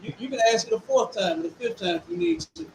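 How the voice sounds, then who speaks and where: A man's voice: very high-pitched, big pitch swings, quick pace, vocal fry, heavy background noise. A man on a debate panel, combative and repeating his demands. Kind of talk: heated live debate.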